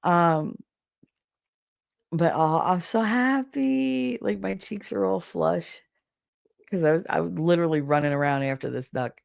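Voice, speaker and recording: A woman with a low, gravelly voice talks casually on a livestream. She greets viewers in her chat and tells stories in a lively way, laughing often. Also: measured pace. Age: adult with children. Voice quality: low deep voice. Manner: chatty, animated storytelling, laughs often. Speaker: livestream podcast host.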